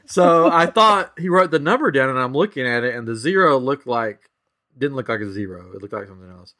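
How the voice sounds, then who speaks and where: Male podcast host, mid-pitched, chatty and rambling storyteller. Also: lively intonation, fairly quick, bright, forceful tone. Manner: rambling storytelling, full of "like" and restarts. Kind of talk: casual chat.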